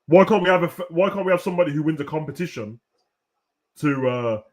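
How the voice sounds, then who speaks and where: Young guy ranting, fairly high voice, slangy and loud at times. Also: fast. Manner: animated, slangy, rising to shouts. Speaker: host. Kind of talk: casual ranting commentary.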